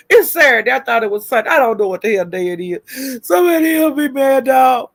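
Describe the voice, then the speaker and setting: A woman's voice: sits high, animated, moderate pace, creaky. A woman hosting a live stream who is frantic and flustered, swearing, laughing and calling out to viewers for help. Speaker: livestream host.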